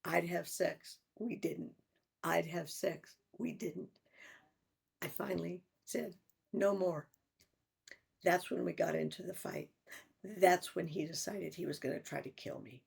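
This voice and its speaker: An older woman in a personal vlog, talking in a halting, reflective way with sighs and restarts. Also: lowish voice, creaky, a little mellow, husky. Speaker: vlogger.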